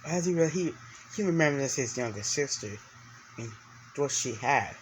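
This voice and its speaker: A man telling a story he makes up as he goes, in a middle-pitched voice. He rambles, circles back and restarts his sentences, filling gaps with "you know" and "uh." His voice stays plain and unhurried throughout. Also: expressive, slight background noise, low-quality recording. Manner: rambling, full of restarts and fillers. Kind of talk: improvised story narration.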